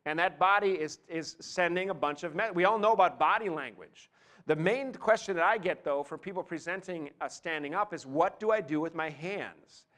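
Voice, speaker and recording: A man coaching an audience from a podium, his voice sitting a little higher than most men's. He talks in a lively, theatrical way and keeps breaking off into chatty asides. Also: brisk. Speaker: presentation skills coach. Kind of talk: live talk to an audience. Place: meeting room, speaking from a podium.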